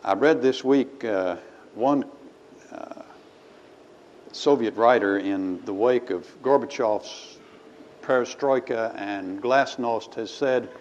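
A man's voice: medium pitch, slow pace, a little mellow, a little hiss or hum. Man preaching, folksy sermon, slightly dull recording, faint room ambience. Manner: folksy, reads scripture with rising emphasis.

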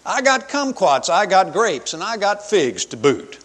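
A man's voice: high-pitched, very animated, measured pace, a bit bright, pitched above the performer's own voice, exaggerated voice. A man voicing Cain as a boastful, brash farmer, reciting his lines in a sing-song rhyming brag. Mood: bragging. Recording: long hall reverb.

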